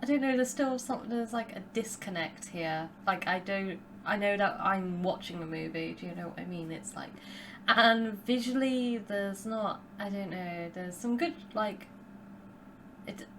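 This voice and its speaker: A woman's voice: medium pitch, a little slow, a little hiss or hum. A British woman talking casually as a podcast guest, rambling with lots of restarts. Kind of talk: casual chat.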